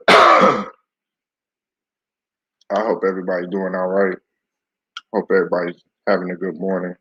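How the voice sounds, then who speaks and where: A man's voice: sits low, little pitch movement, a little slow, pauses often, sharp tone, breathy edge, no echo, dull audio. A man hosting a casual live-stream sports talk show, chatty and loose, greeting his viewers by name.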